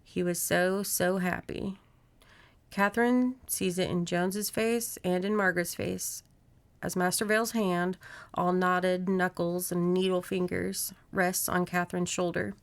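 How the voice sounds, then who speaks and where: This podcast host is a woman with a lowish, creaky voice who reads a horror novel aloud, unhurried and even. Friendly asides to her co-host break up her steady, plain narration.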